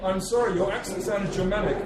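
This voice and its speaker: A man's voice: sits high, fairly even intonation, brisk, voice pushed up, lightly acted. A man voicing a pompous older crackpot historian, forthright and theatrical. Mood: boastful. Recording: echoey cafe, distant mic, crowd.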